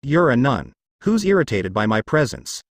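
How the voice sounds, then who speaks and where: A man voicing a brooding, protective teenage boy with a blunt, even delivery. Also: mid-range voice, normal speed, dry recording, studio quality. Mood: concerned.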